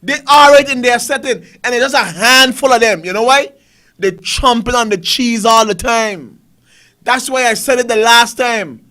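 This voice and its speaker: Male Caribbean talk host, very high bright voice, heated ranting commentary. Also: moderate pace. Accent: Caribbean English. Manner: ranting, repetitive, rhetorical questions. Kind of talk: fiery political commentary.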